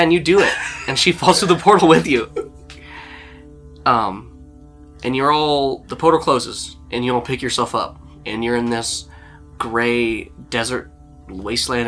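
A man's voice: mid-range voice, a bit bright. A man narrating a tabletop role-playing game as game master, in a loose storytelling way with lots of fillers.

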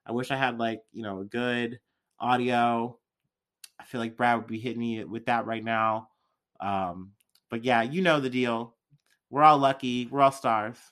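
A man's voice: mid-range voice, fairly even intonation, unhurried, fairly bright tone. A young man hosting a casual podcast, rambling loosely with lots of fillers and swearing. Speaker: podcast host. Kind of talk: casual solo podcast chat.

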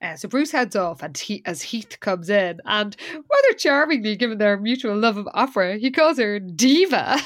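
A woman's voice: mid-range voice, animated, normal speed, hardly any pauses, no echo. A woman co-hosting a podcast, recapping an episode in casual chat with dry, wry remarks. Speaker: podcast co-host.

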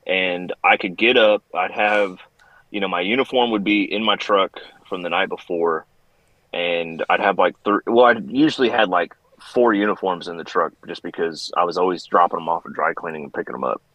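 Brief: low-pitched male veteran, laid-back storyteller, dry close sound. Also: moderate pace, no echo, muffled recording. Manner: relaxed storyteller, self-mocking. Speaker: Air Force veteran, former training instructor. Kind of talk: casual podcast chat.

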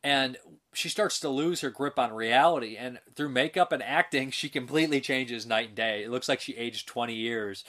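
A man's voice: medium pitch, moderate pace, sharp tone. A man hosting a casual film review show, talking in a rambling, enthusiastic way with restarts and laughs.

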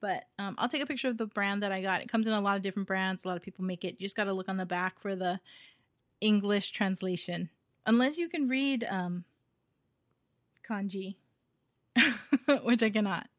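A woman's voice: medium pitch, moderate pace, long pauses, no echo, studio quality. A woman from Hawaii co-hosting a casual chat, talking freely with fillers and frequent laughter. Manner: chatty, laughs often, trails off with fillers. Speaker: podcast co-host.

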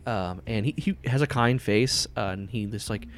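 A man's voice: lowish voice, moderate pace, a little hiss or hum. A man narrating a tabletop game as game master, rambling with many fillers. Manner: rambling, full of fillers, laughs often.

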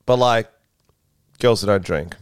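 A man's voice: fairly low pitch, clean tone, dry recording, studio quality. A man co-hosting a podcast, trading crude jokes and laughing often in casual banter. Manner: crude, joking, quick to laugh. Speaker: podcast co-host.

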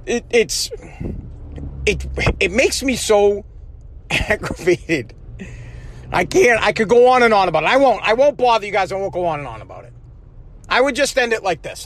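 A man's voice: high-pitched, a bit bright, slight background noise. A man hosting a solo podcast, ranting in an aggravated, profane way with many restarts, recorded in his car. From United States. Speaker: podcast host. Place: in a parked car.

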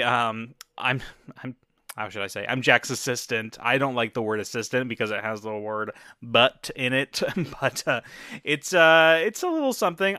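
A man doing an eager young assistant who never stops talking, bright and a little sharp in tone, rambling and self-deprecating. The sound is close and dry, with no room around it. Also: medium pitch, clear, resonant tone, dry recording. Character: rambling young male assistant, aspiring improv comic. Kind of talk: improvised comedy scene.

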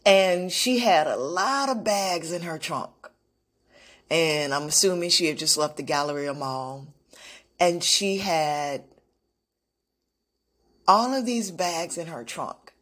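Woman, slightly low pitch, earnest, unscripted, reflective monologue, restarts. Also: slow, long pauses, a bit bright. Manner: earnest, storytelling, frequent restarts. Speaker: motivational vlogger.

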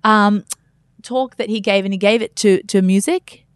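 Woman, podcast co-host, animated rambling storyteller, dry studio sound. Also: medium pitch, moderate pace, clean tone, no echo. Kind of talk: casual chat.

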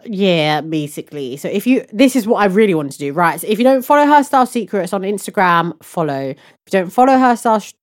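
A woman's voice: medium pitch, animated, fast talker. A young woman co-hosting a podcast in casual chat, talkative, laughing often and stretching words for emphasis. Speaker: podcast co-host.

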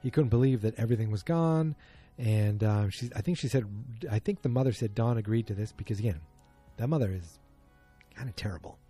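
A man walks through a TV episode in a rambling, opinionated way, with frequent fillers and personal asides. His voice sits low and sounds dark and somewhat husky. Faint music plays behind him. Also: brisk. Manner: chatty, opinionated, many fillers. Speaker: TV episode recapper. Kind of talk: casual episode recap.

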